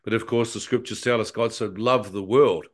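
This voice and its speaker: A man's voice: lowish voice, steady tone, normal speed. A man in his sixties from New Zealand with a New Zealand accent, a guest telling his personal testimony in an interview, emphatic and often stammering as he restarts his sentences.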